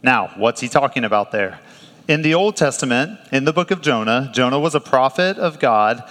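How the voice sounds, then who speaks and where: A male pastor preaching a sermon in a conversational, animated way, with laughs and restarts. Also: medium pitch, moderate pace, long reverb tail.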